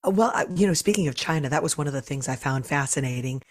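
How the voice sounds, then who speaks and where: Woman podcast host getting over a cold, scratchy and really low. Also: animated, fast talker. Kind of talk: casual podcast interview.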